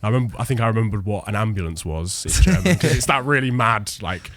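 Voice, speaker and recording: A man's voice: on the low side, animated, fast, a bit bright. A man chatting on a podcast, telling anecdotes with frequent laughter. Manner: chatty storytelling, laughs often. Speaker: podcast guest. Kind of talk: casual chat.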